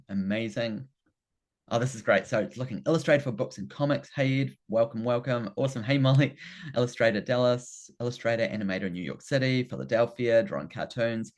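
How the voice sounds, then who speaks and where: A man with a New Zealand accent hosting a live online workshop, eagerly greeting people and repeating words like fantastic and amazing. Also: medium pitch. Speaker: workshop host. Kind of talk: upbeat live webinar hosting. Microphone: video call.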